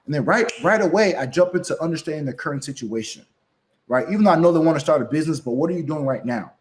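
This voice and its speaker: A man talks through closing sales with an emphatic, coaching drive. His voice sits somewhat high for a man, and he keeps checking in with "right?" while acting out both sides of phone calls. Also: lively intonation, fast talker. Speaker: sales closer guest. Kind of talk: motivational sales advice chat.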